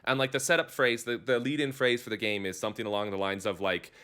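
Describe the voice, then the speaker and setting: A man co-hosting a podcast in casual chat, animated and quick to laugh, often restarting sentences. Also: medium pitch. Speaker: podcast co-host.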